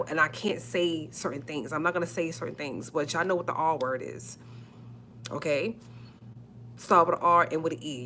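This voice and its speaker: Fired-up woman venting on a live stream, lowish voice, keeps repeating herself, a little background hiss. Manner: indignant, repetitive, emphatic. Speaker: vlogger. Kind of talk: emotional live-stream commentary.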